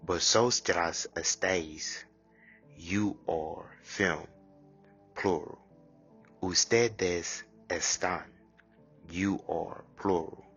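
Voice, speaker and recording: A man teaching a language lesson, drilling short phrases slowly and deliberately with pauses. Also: sits low, fairly even intonation, vocal fry, fairly bright tone, slightly rough, lo-fi sound, soft background music.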